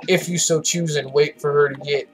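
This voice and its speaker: A man's voice: fairly high pitch, fairly even intonation, normal speed, soft background music. A tired man giving rambling, profane, opinionated commentary while playing a video game. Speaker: let's play gamer. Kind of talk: casual gameplay commentary.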